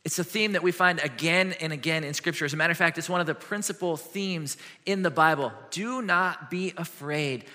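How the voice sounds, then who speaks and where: A man preaching a sermon as a pastor, animated and earnest, moving between lively questions and hushed, gentle passages. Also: a little high, brisk, hardly any pauses. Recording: long hall reverb.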